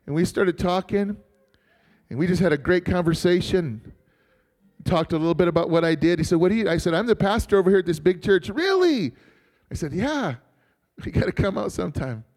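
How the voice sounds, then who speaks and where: A male pastor from Montana, with a high, brisk voice of darkish tone, shares a personal story in a church sermon. He keeps it chatty and joking and calls on the congregation to respond.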